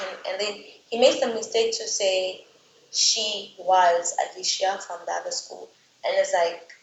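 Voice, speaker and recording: A woman's voice: mid-range voice, flat delivery, measured pace, gravelly, slight background noise. Chatty woman ranting about a book. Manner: chatty, lots of "like", exasperated asides. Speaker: book reviewer. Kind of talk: casual book recap and rant. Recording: roomy, slightly dull recording.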